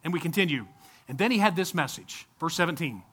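A man preaching an informal sermon at a baptism service, talking conversationally, with frequent restarts and sudden bursts of excitement. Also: a little high, fast talker, breathy edge. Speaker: pastor.

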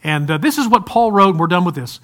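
A male pastor preaching a sermon in a relaxed, conversational way, with light humor and frequent restarts. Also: high voice, fast talker. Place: church service, also streamed to viewers at home.

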